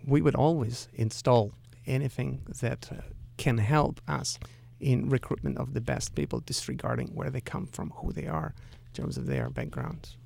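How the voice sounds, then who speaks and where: A man's voice: medium pitch, animated, normal speed, vocal fry, hardly any pauses, a little mellow. A man answering radio interview questions as a company executive, careful and hesitant, with frequent restarts.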